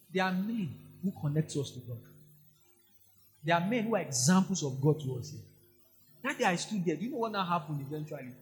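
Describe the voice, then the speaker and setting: A man with a Nigerian accent preaching a sermon, telling personal stories and swinging from soft asides to loud exclamations. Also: fairly high pitch, sing-song, brisk, faint music behind. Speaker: pastor.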